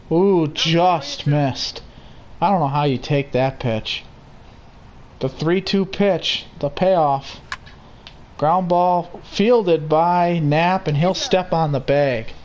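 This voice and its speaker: Slow-paced man calling baseball. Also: a little high, a little hiss or hum. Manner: steady, unhurried play-by-play with casual asides. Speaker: play-by-play commentator. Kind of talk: simulated baseball commentary.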